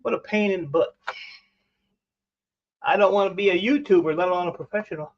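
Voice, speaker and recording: A man's voice: high voice, a little fast, lo-fi sound. A man hosting a casual livestream, chatting as he takes apart electronic scrap and gushing over what he finds. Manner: excitable, gushing exclamations. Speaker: host dismantling e-waste for scrap. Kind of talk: casual livestream chat while working.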